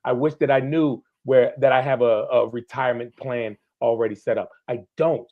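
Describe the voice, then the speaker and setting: On narrow, tinny audio, a man who used to be a police officer joins a livestream as a guest. His mid-range voice has fairly even intonation at normal speed, though he gets worked up and swears freely while speaking candidly and with passion.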